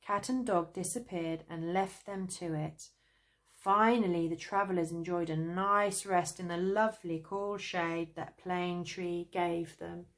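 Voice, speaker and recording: A woman with a British accent narrating a children's story, gentle and even. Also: on the low side. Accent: British English. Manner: slow, gentle, lively voices.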